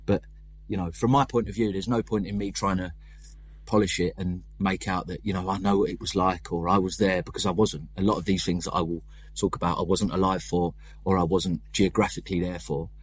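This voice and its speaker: Low husky London man. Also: fairly even intonation. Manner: rambling, self-deprecating, quick talker with restarts. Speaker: punk band vocalist and lyricist. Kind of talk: casual interview chat.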